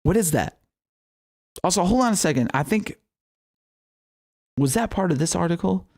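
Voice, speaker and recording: A man's voice: high voice, animated, normal speed, a little mellow. A young man hosting a political commentary show, talking casually with heated, profane, sarcastic outbursts and laughing asides.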